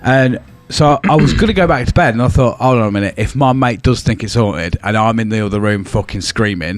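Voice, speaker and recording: A man's voice: on the low side, fairly quick. A young English man with an English accent telling a ghost story in casual podcast chat, swearing often and acting out what was said. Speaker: podcast co-host.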